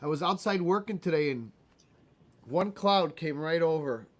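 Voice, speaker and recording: A man's voice: on the high side, lively intonation, normal speed. A man co-hosting a casual comedy chat show, joking and teasing his partner. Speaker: co-host.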